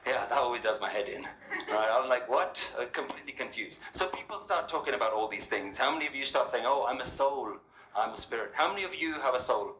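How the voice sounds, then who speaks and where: Speaking quickly in a mid-range voice with lively intonation, this man sounds pushed and bright as he gives an interactive spiritual talk to a hall audience. He keeps it conversational and rhetorical, questioning listeners and checking in with "yeah?" and "right?" constantly. The hall is echoey with faint ambience.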